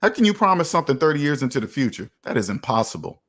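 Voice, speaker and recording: A man hosts a finance livestream in a mid-pitched voice. He preaches in an emphatic way and hammers his points home by saying them again. He speaks casually while he reads and answers viewer comments. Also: big pitch swings, racing, a bit bright. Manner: preachy, emphatic, repeats himself for effect. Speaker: finance channel host. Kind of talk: livestream commentary reading chat.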